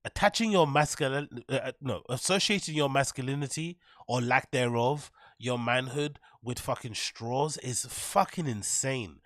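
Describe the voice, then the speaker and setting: A man's voice: medium pitch, normal speed, hardly any pauses, a bit bright, no echo, studio quality. A man hosting a commentary show, ranting and mocking clips with heavy profanity and filler words. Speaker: host.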